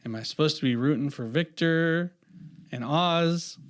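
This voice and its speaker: A man's voice: on the high side, measured pace. A man co-hosting a casual podcast, talking in a laid-back, rambling way. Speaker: podcast co-host. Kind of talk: casual chat.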